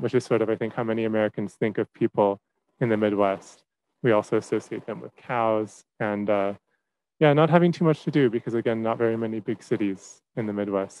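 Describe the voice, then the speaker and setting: A young man presenting to a class as a teaching fellow, relaxed, with many fillers and restarts. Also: mid-range voice, poor audio.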